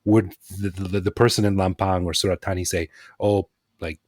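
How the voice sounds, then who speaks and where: A man with a fairly low voice hosts a casual podcast conversation. He sounds relaxed and reflective and makes wry, self-deprecating remarks. The close mic gives a dry, dead sound. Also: moderate pace, no echo. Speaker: podcast host. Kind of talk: casual interview chat.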